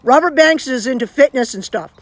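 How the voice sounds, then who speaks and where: A woman's voice: high voice, lively intonation, brisk. A Canadian woman chatting casually on a live stream from home, rambling and restarting her sentences as she talks into her phone.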